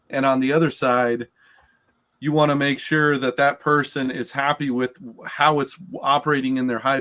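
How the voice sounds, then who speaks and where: A man's voice: mid-range voice, fairly bright tone, clean tone. Teasing podcast host, plain male voice. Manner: teasing, joking banter. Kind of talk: casual podcast chat.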